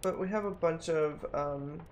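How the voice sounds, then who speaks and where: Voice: mid-range voice, unhurried, a little mellow, slight background noise. A streamer thinking aloud while playing a mystery game, musing and often repeating themselves while puzzling things out. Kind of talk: casual think-aloud gameplay commentary.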